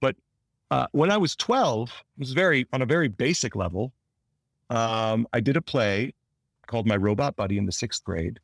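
A man's voice: medium pitch, normal speed, no room sound. Rambling man telling stories, dry sound. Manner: rambling storyteller with frequent restarts; acts out quoted lines in lively voices. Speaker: actor guest. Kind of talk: casual interview talk.

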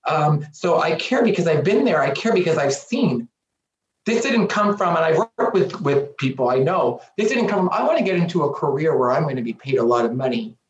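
A man talks as an interview guest in an earnest, emphatic way, circling back to the same phrases for weight. His voice sits at an ordinary pitch. The recording sounds roomy and slightly dull, like a lo-fi room mic. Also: lively intonation, fairly quick. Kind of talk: candid interview talk.

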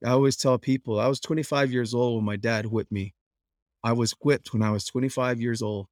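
A man's voice: medium pitch, no echo. Dry-voiced man telling family stories. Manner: animated, quick to act out quoted voices. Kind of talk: personal storytelling.

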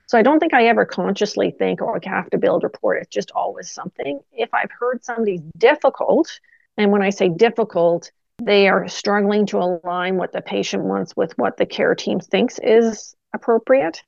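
A middle-aged woman physiotherapist, a guest telling animated stories from her clinical work in a casual interview. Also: medium pitch, normal speed, vocal fry, no room sound, dull audio. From Canada. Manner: animated anecdotes with quoted dialogue.

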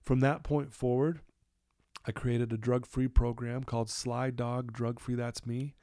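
A man's voice: medium pitch, measured pace, no echo, clean studio sound. A man telling his personal story in an interview, acting out what people said. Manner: animated storytelling, acts out quotes. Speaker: guest.

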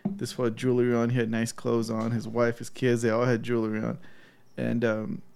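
A man's voice: medium pitch, brisk, creaky, a little hiss or hum. A man co-hosting a podcast, telling a story in casual chat, often laughing and quoting people. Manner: laughing, animated retelling with quoted voices. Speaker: podcast co-host.

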